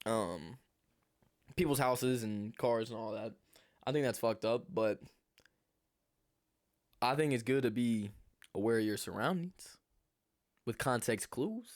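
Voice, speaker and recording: A young man telling a storytime vlog in a rambling, animated way, swearing freely. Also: medium pitch. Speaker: vlogger.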